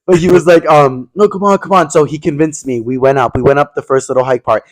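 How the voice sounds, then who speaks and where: A man in his twenties, co-hosting a casual podcast, telling an animated story and acting out the people in it. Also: mid-range voice, fast talker, rough recording. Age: 20s. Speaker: podcast co-host. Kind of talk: casual chat.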